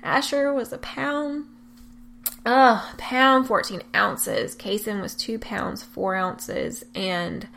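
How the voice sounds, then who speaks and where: A young woman telling, with deep emotion and earnest candor, the story of her twins' premature birth. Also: slow pace, creaky, fairly bright tone. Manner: emotional, tearful at times, earnest. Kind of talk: personal testimony.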